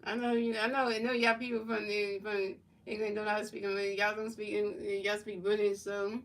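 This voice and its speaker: A woman's voice: mid-range voice, level tone, fairly quick, recorded from a distance. A woman from Philadelphia streaming a football video game, calling plays and chatting casually with viewers, often repeating and restarting her phrases. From Philadelphia, USA. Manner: repetitive, restarts phrases, casual chat-reading. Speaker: gaming streamer.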